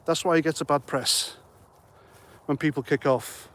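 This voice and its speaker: A man's voice: a little high, fairly even intonation, normal speed, fairly bright tone. A middle-aged man hosting a casual livestream, reading out comments and chatting in a rambling, jokey way, a little out of breath. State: slightly out of breath. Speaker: livestream host.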